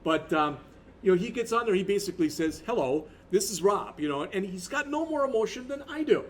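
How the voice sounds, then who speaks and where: A man's voice: high-pitched, expressive, fast, slight background noise. A man in his fifties, a college instructor, talking through a recorded lecture in a rambling, conversational way with many restarts.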